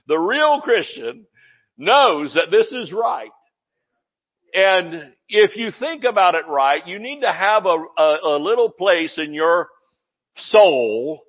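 A male pastor preaching a sermon in a lively way, breaking into laughs and hallelujahs. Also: on the high side, highs cut off.

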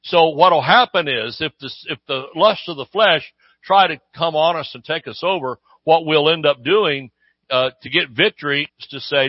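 A man preaching a sermon in a relaxed, conversational way, often checking in with his listeners with a questioning "Amen?". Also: fairly high pitch, normal speed, no echo, muffled recording. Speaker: pastor.

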